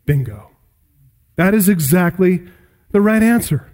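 A man preaching an expository sermon, emphatic, rising loud and high on key points. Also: lively intonation, unhurried, long pauses. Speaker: pastor.

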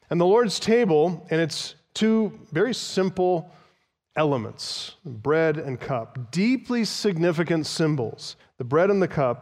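With a darkish tone and a voice slightly high for a man, a pastor delivers an expository sermon in an echoing church hall. He stresses his points and pauses to define key terms and cite older sources.

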